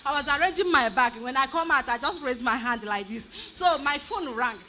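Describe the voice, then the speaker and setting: A woman with a Nigerian accent giving an emotional testimony in church, animated, repeating phrases, often crying out and laughing. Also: high-pitched, a little fast, slight background noise.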